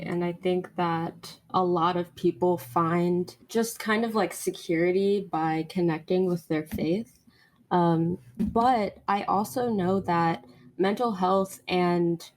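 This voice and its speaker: A woman hosting a podcast, asking measured, thoughtful questions. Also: fairly low pitch, darkish tone. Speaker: podcast host. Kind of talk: interview.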